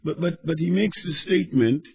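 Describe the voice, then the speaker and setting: A man preaching a sermon, swinging between fervent shouting and quieter teaching as he reads scripture. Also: fairly high pitch, moderate pace, slightly rough. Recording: dull lo-fi recording.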